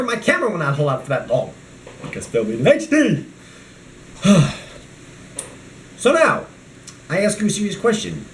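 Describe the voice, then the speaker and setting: A man's voice: high-pitched, echoey room, slight background noise. A man vlogging a toy review, rambling and ranting from one topic to the next.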